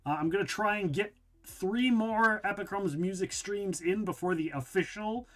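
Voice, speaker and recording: A man's voice: high voice, moderate pace. A man hosting a live game stream, chatting casually to viewers, joking and rambling and chuckling often.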